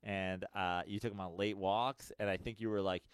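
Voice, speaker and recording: A man's voice: low voice, fairly even intonation, normal speed, clear, resonant tone, no echo. A man in his late thirties co-hosting a podcast, talking casually and candidly with frequent swearing. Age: late 30s. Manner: candid, profane, rambling. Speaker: podcast co-host. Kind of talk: casual chat.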